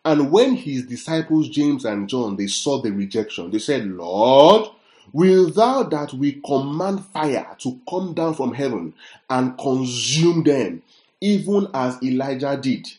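A man preaching a sermon, reading scripture slowly and checking in with his listeners through rhetorical questions. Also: mid-range voice, expressive, darkish tone, echoey room. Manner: reads scripture aloud slowly.

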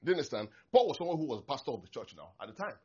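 A husky-voiced pastor in full sermon mode, his pitch leaping and dropping all over as he acts out people's prayers. The recording sounds dull and lo-fi. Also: racing. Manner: animated, acts out prayers, laughs often.

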